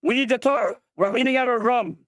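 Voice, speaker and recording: A blunt island rum-maker, all business, voiced slightly higher than the speaker's own and spoken smoothly and clearly in a dry close sound, as a game master puts him on. He talks in a plain, casual way. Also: a little fast, fairly bright tone, no echo. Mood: matter-of-fact.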